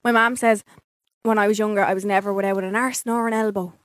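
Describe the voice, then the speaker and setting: A woman's voice: medium pitch, steady tone, fast, no echo, studio quality. Chatty woman telling a story. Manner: chatty storytelling, self-deprecating. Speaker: podcast co-host. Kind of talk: casual chat.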